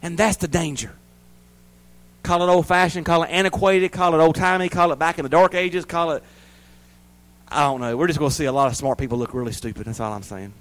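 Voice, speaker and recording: Male pastor mid-sermon, slightly high voice, dynamic swings from shouting to hushed. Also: steady tone, quick pace, low-quality recording. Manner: preachy, swings from loud and high to quiet and low.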